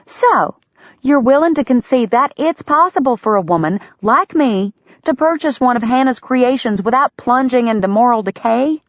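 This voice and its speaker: A spirited young frontier woman with a quick-witted, indignant way of arguing, her voice leaping up and down in pitch, as a woman narrator plays her. The recording is dry and somewhat dull. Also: lively intonation, no echo, lightly acted.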